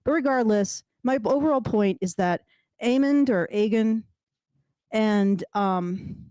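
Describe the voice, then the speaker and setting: A woman's voice: mid-range voice, takes it slowly, clear, resonant tone, no echo. A woman casually breaking down a TV drama, talking with lots of restarts and acting out characters' lines. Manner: animated, many restarts, acts out characters' lines. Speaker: commentator. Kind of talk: casual TV show analysis chat.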